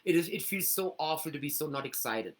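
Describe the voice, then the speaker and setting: A middle-aged woman from Germany hosts a casual teaching talk from her home computer, animated and acting out inner voices. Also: sits low, fairly quick. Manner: animated, acts out inner voices with big swings. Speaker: host.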